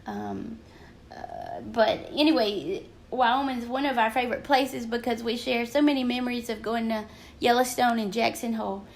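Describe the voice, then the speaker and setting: A woman's voice: a little high, expressive, moderate pace. An older woman with a Southern American accent, rambling chattily on a craft livestream and greeting viewers by name. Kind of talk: casual livestream chat. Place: at home craft desk.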